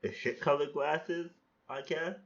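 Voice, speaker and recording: A podcast host looks back on his own poems in a casual monologue, critiquing his past self while rambling, restarting, and swearing offhandedly. His voice is fairly high, creaky, and fairly bright, with a steady tone and measured pace. The recording sounds muffled.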